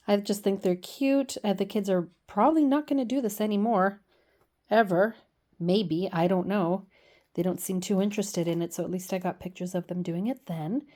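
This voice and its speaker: A woman's voice: medium pitch, normal speed, warm tone. A middle-aged woman chatting casually as she shows off her scrapbook pages, gushing and poking fun at herself. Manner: chatty, gushing, self-deprecating. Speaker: scrapbooking vlogger. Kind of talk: casual show-and-tell chat.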